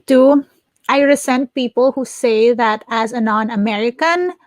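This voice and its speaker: A woman from the Philippines co-hosting a podcast, talking politics in an opinionated, animated way. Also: fairly high pitch, a little slow, no room sound. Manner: opinionated, animated, restarts mid-thought. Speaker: podcast co-host. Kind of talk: casual chat.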